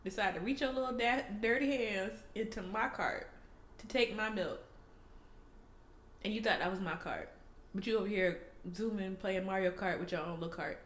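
A woman co-hosting a casual chat, telling a profane, animated story and acting out the people in it. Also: medium pitch, normal speed, reverberant. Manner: animated, profane, acts out people in her stories.

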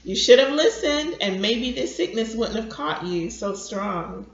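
A young father torn by grief and anger, defensive and raw as he talks, voiced by a woman reading a novel. The delivery is slow, and the recording is roomy and dull. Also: medium pitch, close to an everyday voice. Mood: bitter. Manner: defensive, anguished. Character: grieving, bitter young father.

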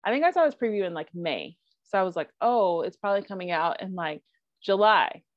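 A woman co-hosting a podcast in casual chat, animated and full of asides. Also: medium pitch, brisk, no echo. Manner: animated, with frequent likes and asides. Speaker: podcast co-host. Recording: dry, dull lo-fi sound.

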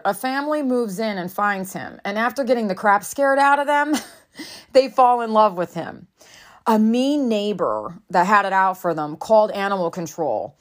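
A woman in her thirties talks through a personal parenting story at an unhurried, deliberate pace. Her voice sits at an ordinary middle pitch, and her delivery is candid and reflective, with the odd swear word dropped in. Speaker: mother sharing a parenting story. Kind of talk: casual storytelling monologue.

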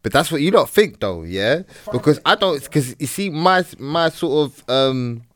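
A man chats casually on a podcast. His pitch swings widely as he tells lively, slang-heavy stories, and he puts on the voices of the people in them. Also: measured pace. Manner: London slang, animated storytelling with quoted voices. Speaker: podcast co-host. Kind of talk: casual chat, storytelling.

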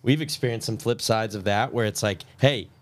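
A man's voice: on the low side, moderate pace. A man hosting a casual interview, steering it with direct, prompting follow-up questions. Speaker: podcast host.

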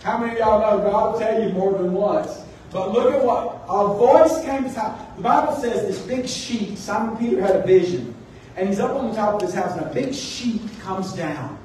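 A man preaching a sermon, animated and joking with his congregation. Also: high-pitched, moderate pace, slight background noise. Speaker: pastor. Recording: echoey room, distant mic.

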